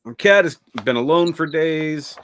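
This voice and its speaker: A man co-hosting a casual review chat, animated and jokey and quick to swear. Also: fairly high pitch, smooth. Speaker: co-host.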